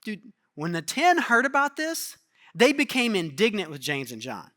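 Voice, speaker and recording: A man preaching a sermon as pastor, casual and animated, acting out the quotes in his stories. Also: high voice, moderate pace.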